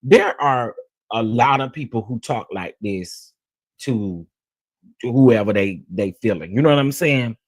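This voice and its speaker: A man's voice: mid-range voice, expressive, a little slow, no room sound. A man hosting a celebrity gossip show in casual, sassy commentary, repeating phrases for emphasis and talking straight to his viewers. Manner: addresses viewers as "y'all". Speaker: host of a celebrity gossip channel.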